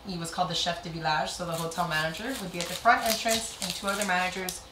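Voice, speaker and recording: A young adult woman who does stand-up tells stories in a casual chat, cursing freely as an animated storyteller. Her voice is lowish and fast. She's in a roomy kitchen where dishes clatter, adding background noise.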